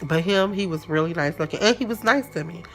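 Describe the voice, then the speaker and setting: Bright-voiced woman telling a storytime vlog. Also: on the low side, a little fast, faint music behind. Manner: animated, chatty storytelling with slang. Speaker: vlogger.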